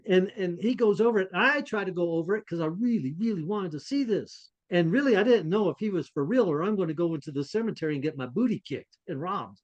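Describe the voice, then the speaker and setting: Lively storytelling man, slightly raised pitch. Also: fast talker, hardly any pauses, highs cut off. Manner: animated, self-deprecating storyteller who laughs along. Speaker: podcast co-host. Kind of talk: casual anecdotal storytelling.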